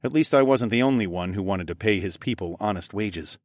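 A man narrating a fantasy audiobook in the first person, expressive and wry. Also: lowish voice, fairly quick, no echo, studio quality.

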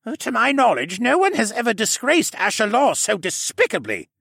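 A man voicing a formal, cautious old male koala archivist who speaks in a precise, placating way in a raised, husky voice. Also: high voice, wildly swooping pitch, normal speed, a bit bright, no echo, clean studio sound, voice pushed up, heavily acted. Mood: urgent.

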